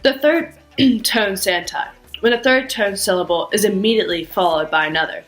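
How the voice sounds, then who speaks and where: A woman giving a scripted language lesson, speaking carefully and acting out sounds with exaggerated pitch swings. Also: fairly bright tone, soft background music, rough recording. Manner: slow, careful, demonstrates tones with exaggerated pitch. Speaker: language teacher.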